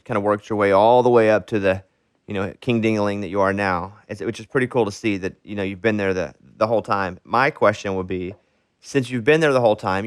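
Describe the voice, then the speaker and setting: A man's voice: on the low side, clear, resonant tone, no room sound, clean studio sound. A man hosting a podcast interview in a joking, teasing way. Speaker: podcast host. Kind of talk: casual interview chat.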